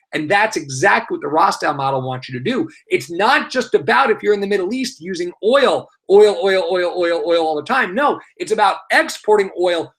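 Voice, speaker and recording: A man's voice: high-pitched, fairly bright tone. A male teacher with a New York accent, running a live online exam review and explaining terms through rhetorical questions and many filler sounds.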